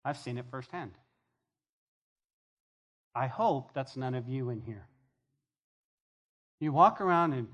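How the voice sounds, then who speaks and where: Emphatic preacher swinging loud and hushed. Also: medium pitch, animated, moderate pace, pauses often. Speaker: pastor. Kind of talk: sermon. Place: church before a congregation.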